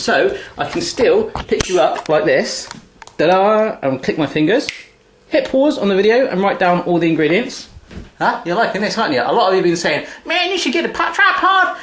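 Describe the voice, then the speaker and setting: A man hosting his cooking show in a home kitchen, talking to a camera on a tripod. He rattles along at a quick pace in a slightly high voice, joking as he goes. The kitchen sounds echoey, with faint noise behind him. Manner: playful, jokey and chatty. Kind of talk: casual cooking demonstration.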